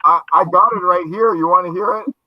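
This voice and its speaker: A man's voice: high voice, fairly quick. A male host of a casual interview who mostly gives short replies and cues up a track. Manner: brief backchannel replies. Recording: dry, dull lo-fi sound.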